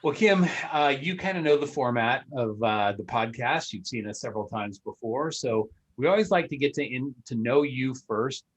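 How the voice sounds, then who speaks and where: A man's voice: medium pitch, lively intonation, normal speed, few pauses, highs cut off. A man hosting a podcast, chatting casually in a loose, rambling way with many fillers. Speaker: podcast host. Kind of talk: casual interview chat.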